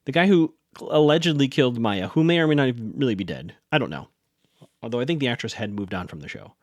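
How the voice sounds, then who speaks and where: A man's voice: mid-range voice, animated, quick pace, no echo. A man hosting a podcast, recapping a TV episode in a chatty, rambling way and often correcting himself. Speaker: podcast host.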